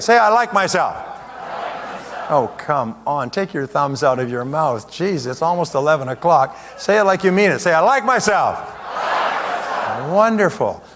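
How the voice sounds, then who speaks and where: A man giving a motivational seminar talk in a large hall, joking with and rousing the audience. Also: medium pitch. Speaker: seminar speaker. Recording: echoey hall with long reverb.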